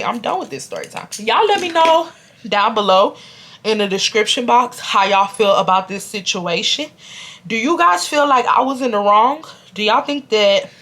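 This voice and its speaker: A woman in her twenties from Houston, Texas, telling an animated, blunt storytime on her vlog. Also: medium pitch. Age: 20s. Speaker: vlogger.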